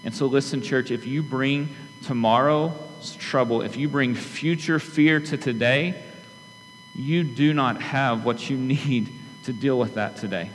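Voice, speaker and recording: A pastor preaching a sermon to his church in an earnest, conversational way, often turning to the congregation with quick asides. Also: mid-range voice. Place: church sanctuary. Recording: long hall reverb with faint hum.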